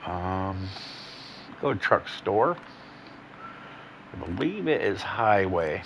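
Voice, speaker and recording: Laid-back, profane man with a low voice. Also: very animated, slow, lo-fi sound, a little hiss or hum. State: yawning, a bit tired. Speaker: gaming channel host. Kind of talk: casual gameplay commentary.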